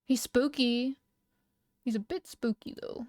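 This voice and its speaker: A young woman streaming live, reading lore aloud and chatting with viewers, excitable and quick to laugh. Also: a little high, no room sound, studio quality. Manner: excitable, giggly, reacting loudly.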